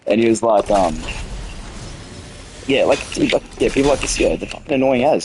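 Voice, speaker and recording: This gaming streamer, an Australian man in his late teens, has a lowish, expressive voice and talks a little fast. His casual stream chat is rambling and heated, with lots of restarts and swearing over a noisy background.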